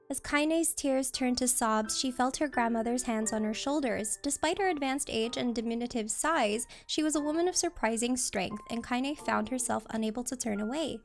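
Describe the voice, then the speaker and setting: High-pitched female streamer, steady read-aloud narration, soft music behind. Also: moderate pace, hardly any pauses. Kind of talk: reading a novel aloud on stream.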